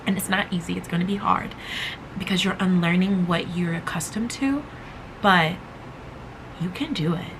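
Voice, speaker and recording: A woman's voice: on the low side, normal speed, pauses often, background noise. A woman hosting a motivational podcast, talking casually and emphatically, repeating phrases to drive her point home. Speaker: podcast host.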